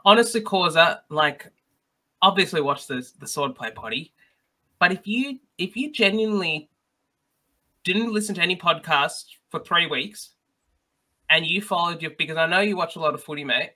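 A chatty man gives earnest advice in a casual podcast chat. His voice is sharp and very bright, sitting a little high for a man. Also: expressive, normal speed.

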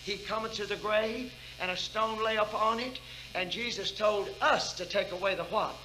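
An older woman preaching at a church revival meeting. She calls out questions to the congregation and swings between loud exhortation and hushed intensity. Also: medium pitch, normal speed, a little hiss or hum, low-quality recording. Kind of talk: fervent preaching.

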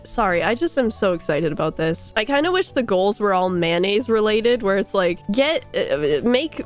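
A young woman giving casual, excitable commentary while playing a game, giggling often and tossing out quick silly asides. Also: medium pitch, soft background music. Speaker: gaming video creator.

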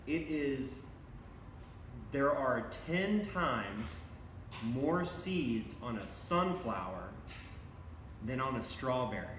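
A man leads an online cooking class for children in an upbeat, encouraging way, talking straight to the kids. His voice sits at an ordinary mid pitch. The sound is roomy and echoey, as from a kitchen, with a faint hum of ambience behind him. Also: a bit bright. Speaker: cooking teacher.

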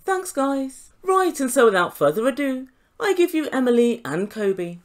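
A woman's voice: high-pitched, big pitch swings, moderate pace. A woman recapping a reality show in a sarcastic, mocking way, laughing often. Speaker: YouTube reality TV reviewer.

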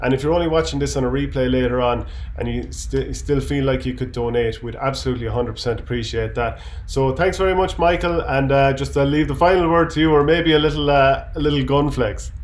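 Fast-talking Irish host. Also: male voice, medium pitch, fairly even intonation. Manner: friendly, brisk host wrap-up. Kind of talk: casual interview.

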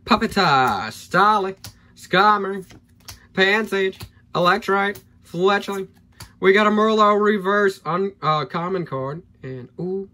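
A man opening trading card packs on camera, excitable and hyped, thinking aloud as he goes and losing his voice. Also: high voice, slow. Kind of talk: excited pack-opening vlog.

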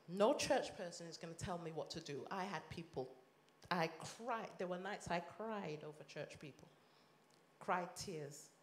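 A woman minister from Leeds with a Yorkshire accent, giving an impassioned sermon testimony that swings between loud and hushed. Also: on the low side, slight background noise. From Leeds, England. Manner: impassioned, rises and drops sharply in volume. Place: church or conference hall. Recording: echoey hall.

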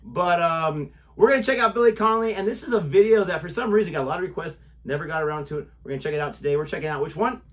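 Man, reaction-video co-host, casual chat, teasing, playful, lively intonation. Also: a little high. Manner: playful, teasing banter with quick asides.

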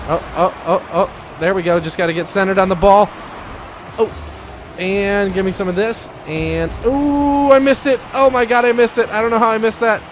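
A man giving excitable commentary over his own gameplay, shouting and laughing at near misses and goals. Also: high voice, normal speed, a little hiss or hum. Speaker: gaming YouTuber.

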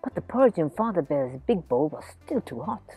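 A woman reading a story aloud for children outdoors in a garden, playful and animated. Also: low voice, fairly quick, breathy edge, soft background music. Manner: animated and playful, chatting to a teddy. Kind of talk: read-aloud storytelling for kids.

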